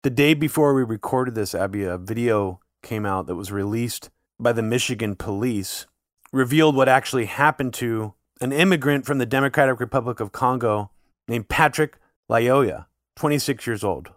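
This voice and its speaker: A man co-hosting a podcast, talking in long casual runs full of "like" fillers and getting animated when something shocks him. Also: medium pitch, moderate pace, no echo, studio quality. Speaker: podcast co-host. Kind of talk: casual conversational podcast chat.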